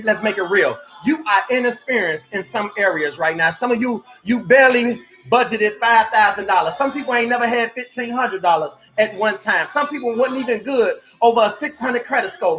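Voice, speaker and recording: Fervent high-voiced man coaching. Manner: fervent, preacher-like, often shouting; repeats phrases and rhetorical questions. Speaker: life coach. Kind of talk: motivational coaching live stream.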